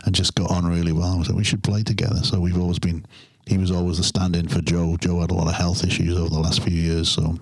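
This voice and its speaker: A man's voice: deep voice, completely flat delivery, fast, hardly any pauses, darkish tone, no room sound. A man from England, a musician, chatting in an interview, rambling and restarting his sentences with chuckles. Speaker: musician guest. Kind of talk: casual interview chat.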